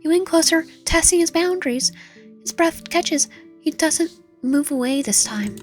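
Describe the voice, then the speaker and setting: A woman with a fairly high voice narrates a romance visual novel on her gaming channel. She reads haltingly, often tripping over a word and fixing it. Faint music plays underneath. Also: lively intonation. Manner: halting reading with frequent slips and self-corrections.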